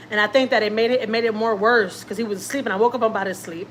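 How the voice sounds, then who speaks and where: A woman's voice: medium pitch, rapid-fire, hardly any pauses, slight background noise. A woman, a family vlogger, telling a personal story casually and acting out what people said, repeating herself often. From Houston, Texas. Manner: chatty, repeats herself, acts out quotes.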